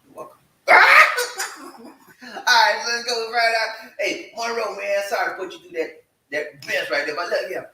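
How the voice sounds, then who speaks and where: An energetic man hosting a casual home show, talking with a bright, forceful edge and hyping up his viewers. His voice sounds far from the mic, with a roomy echo and faint noise behind it. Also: high-pitched, brisk. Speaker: show host. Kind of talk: casual live chat. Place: room at home. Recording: echoey room, voice from far off.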